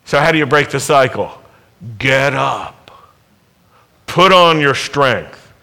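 A man preaching a sermon at a worship service, speaking emphatically, asking the congregation rhetorical questions and building to loud exhortations. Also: mid-range voice, expressive, takes it slowly, vocal fry.

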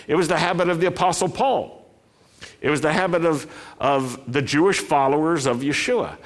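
A man preaching a sermon, speaking deliberately and lifting his voice when he reads a passage aloud. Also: medium pitch. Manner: slow, deliberate delivery with emphatic rising quotations.

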